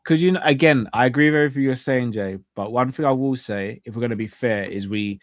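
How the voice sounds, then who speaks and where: A man talking football in a measured, reasonable way, now and then pausing on fillers. His voice sits at a middle pitch. The recording is dry and close. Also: dry recording. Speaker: football pundit co-host. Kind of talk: casual football analysis chat.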